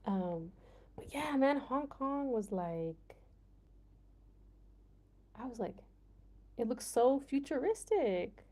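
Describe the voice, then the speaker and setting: Chatty Midwestern American woman, mellow voice. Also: a little high, big pitch swings, slow pace, pauses often. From United States, Midwest. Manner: chatty, laughs often, heavy use of "like". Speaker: livestream host. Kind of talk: casual livestream chat with viewers.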